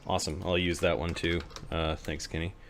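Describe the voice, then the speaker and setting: A man narrating a tabletop game as game master in a halting, casual way. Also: low voice, flat delivery, background noise.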